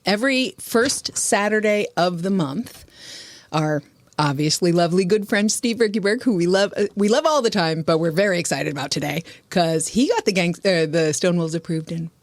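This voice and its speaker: Chatty, low-voiced woman co-hosting a podcast. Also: lively intonation, moderate pace, no echo. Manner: chatty, upbeat, reads chat messages aloud. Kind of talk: casual livestream chat.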